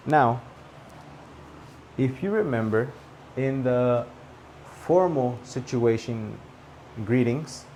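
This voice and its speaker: A man teaching a spoken English lesson, repeating example phrases clearly and checking in with "okay?". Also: mid-range voice, a little mellow, slight background noise.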